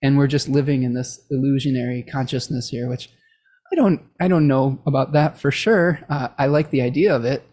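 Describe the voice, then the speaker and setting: A woman's voice: rumbling low, steady tone, brisk, mellow. A middle-aged woman rambles through a casual astrology chat. She is chatty and laughs often between her thoughts. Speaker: podcast co-host.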